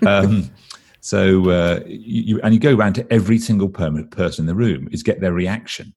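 An English man with a very low, husky voice talks as a guest expert. He explains at a brisk clip and slips into little quoted voices to act out what people say. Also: darkish tone. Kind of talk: explaining in an interview.

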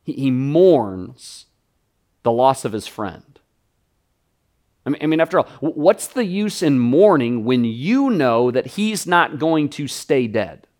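A man preaching a sermon as pastor, animated, with quick stuttered restarts, acting out the people in the story. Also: medium pitch.

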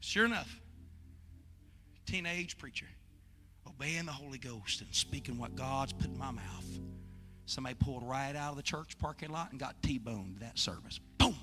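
A man preaching a sermon in a church sanctuary, moving from hushed storytelling to shouted pleading. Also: medium pitch, moderate pace, big-room sound, soft background music. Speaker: pastor.

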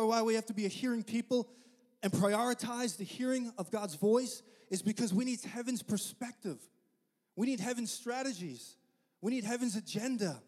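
A man's voice: high voice, darkish tone. A man preaching a sermon to his church, impassioned and repeating phrases for emphasis. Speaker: pastor. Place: church sanctuary. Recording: long hall reverb.

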